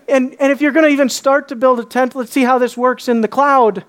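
A woman preacher delivering a sermon. She asks many rhetorical questions, repeats key words for emphasis, and moves between soft, low stresses and excited rises. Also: fast.

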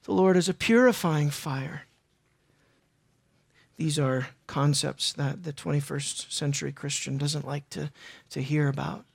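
A preacher delivering a sermon in an earnest, emotional way, repeating phrases and swinging between loud and hushed. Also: medium pitch, a little slow, creaky, breathy edge.

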